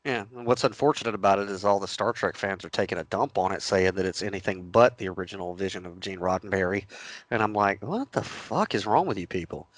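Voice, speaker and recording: A man's voice: low-pitched, quick pace, dry recording, poor audio. A man with a light Southern accent, co-hosting a casual chat and telling stories with laughs and swearing. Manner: laughing, swearing, animated storyteller. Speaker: podcast co-host.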